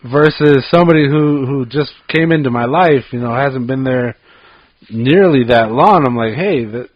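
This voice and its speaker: Male co-host, mid-pitched relaxed storyteller, dry close sound, slightly dull audio. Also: normal speed, no echo. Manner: relaxed, self-deprecating, hesitant with fillers. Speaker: podcast co-host. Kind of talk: casual chat, storytelling.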